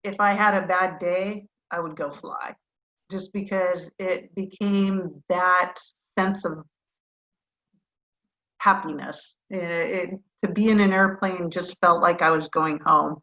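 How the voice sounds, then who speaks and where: A middle-aged woman, a retired fighter pilot, telling animated, self-deprecating stories as a guest in a video-call interview. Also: on the low side, slow pace, muffled recording.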